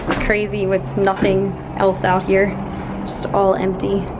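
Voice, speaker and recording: A woman's voice: mid-range voice, completely flat delivery, measured pace, heavy background noise. A young woman from Pennsylvania talking in a casual, heartfelt vlog, chatty and sentimental, with many "like" fillers. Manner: chatty, sentimental, often says "like". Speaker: vlogger. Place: empty apartment, indoors.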